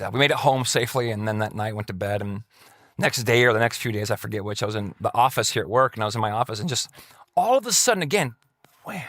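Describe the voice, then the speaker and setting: A male pastor tells a personal story from the pulpit, casual and conversational, lifting his voice high when he quotes others. His voice sits a bit high for a man, and the recording is dry and close. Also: dry recording. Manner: conversational, animated quoting of others in raised voice. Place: church setting.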